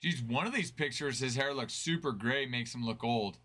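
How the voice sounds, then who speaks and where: A man's voice: mid-range voice, moderate pace, bright, forceful tone. A man hosting a card break stream, chatting casually and answering viewers' chat.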